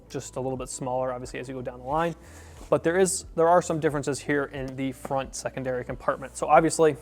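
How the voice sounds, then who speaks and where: A man giving a casual, rambling gear review, with fillers and self-corrections as he shows bags. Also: medium pitch. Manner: relaxed, rambling, with fillers and restarts.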